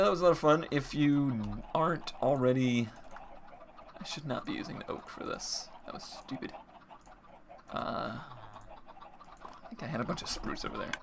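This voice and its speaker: A man's voice: mid-range voice, background noise. A man giving casual gameplay commentary as he builds, thinking aloud and restarting his sentences. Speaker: Minecraft let's player.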